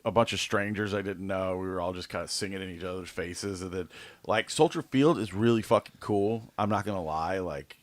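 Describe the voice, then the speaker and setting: A young man tells a rambling story, full of swearing and loose fillers. His voice sits on the low side, and the close mic keeps it dry and dead. He sounds like one half of a laid-back podcast chat. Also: brisk, dry recording. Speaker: podcast co-host. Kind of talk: casual chat.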